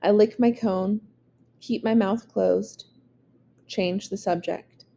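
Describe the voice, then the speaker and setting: A woman reading a verse novel aloud to listeners. Her voice is warm and mellow, and her delivery is measured and expressive. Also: mid-range voice, creaky, a little hiss or hum. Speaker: reader.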